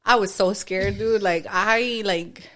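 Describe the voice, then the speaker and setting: A young woman chatting on a casual podcast, talking loosely in slang. Her pitch sits in the middle, and she speeds up when she tells a story. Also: slow pace, pushed and bright. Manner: slangy, says "dude" a lot. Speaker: podcast co-host. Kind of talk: casual chat.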